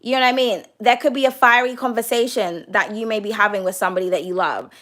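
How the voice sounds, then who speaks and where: A woman's voice: medium pitch, steady tone, quick pace, fairly bright tone. A young woman giving a casual tarot reading. She chats freely, keeps calling the listener "darling" and swears without holding back. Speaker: tarot card reader.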